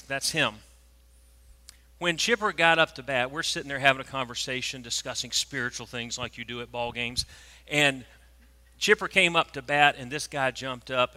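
A preacher, telling a story in a sermon and swinging from hushed tones to loud, animated moments. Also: male voice, mid-range voice. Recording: long reverb of a large hall.

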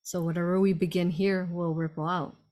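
A woman with a fairly low voice hosts a relaxed group conversation. She talks in a gushing, emotional way and laughs readily. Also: fairly quick. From United Kingdom. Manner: effusive, emotional, laughs easily. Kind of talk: casual group chat.

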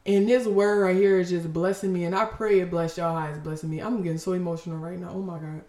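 A woman's voice: lowish voice, fairly even intonation, fast talker, a little mellow. Fervent woman preaching in a roomy space. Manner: fervent, preachy, breaks off with exclamations. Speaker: podcast host giving a devotional. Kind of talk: emotional devotional talk.

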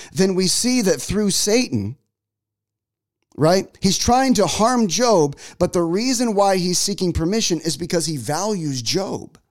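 A man in his forties, a pastor telling a story in a sermon, chatty and full of restarts. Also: high voice. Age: 40s.

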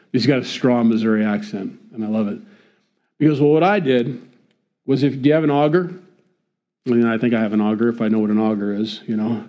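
Man, pastor, conversational sermon, husky, mellow, rhetorical questions. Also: medium pitch.

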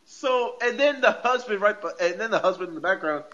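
Bright-voiced man recapping a show, lo-fi. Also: high voice, lively intonation, a little fast. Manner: rambling, heavy on filler "like", laughs often. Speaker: podcast co-host. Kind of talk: casual recap of a TV episode. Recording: dull lo-fi audio.

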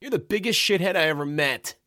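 A man voicing a stocky, gray-haired older man who yells insults in contempt and indignation. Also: mid-range voice, big pitch swings, measured pace, no echo, clean studio sound. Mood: contemptuous. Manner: shouting, contemptuous.

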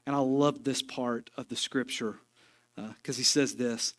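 A man's voice: mid-range voice, fairly even intonation, measured pace. A man preaching a sermon in a church, folksy and joking, with emphatic stretches. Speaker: pastor. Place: church sanctuary.

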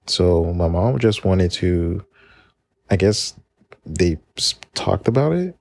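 Deep, gravelly man telling a podcast story. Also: lively intonation, slow pace, darkish tone, no room sound. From Maryland, United States. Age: 20s. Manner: chatty, rambling, with self-corrections and laughs. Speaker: podcast host. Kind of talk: casual solo podcast storytelling.

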